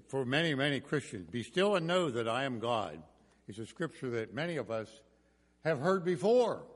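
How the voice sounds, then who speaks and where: An older man delivers a sermon with a storyteller's touch, mixing homespun anecdotes and light humor. His voice sits in the middle of the male range. The church hall adds a long, ringing reverb. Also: medium pitch. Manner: folksy storytelling with jokes. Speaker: pastor. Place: church sanctuary.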